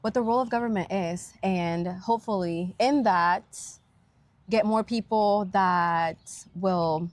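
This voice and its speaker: A woman's voice: mid-range voice, measured pace, no room sound. A woman speaking as a podcast guest, earnest and upbeat in casual conversation. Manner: earnest and upbeat, talks about civic engagement. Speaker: guest, county attorney. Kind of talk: casual interview chat. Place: outdoors in a park.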